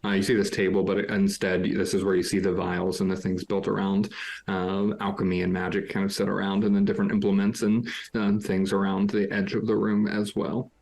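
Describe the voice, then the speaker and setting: A man narrating as game master of a tabletop role-playing game, describing scenes in a relaxed, halting way with fillers. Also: low-pitched, vocal fry.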